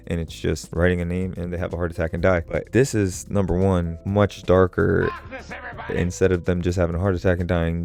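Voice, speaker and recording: A man's voice: low-pitched, gravelly, dark tone. A man recapping and reviewing a manga in a laid-back, profane storytelling way, casual and conversational.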